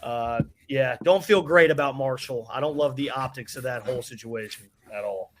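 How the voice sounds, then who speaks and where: Male podcast guest, wry, sarcastic, casual chat, ordinary pitch. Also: moderate pace. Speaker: guest content creator.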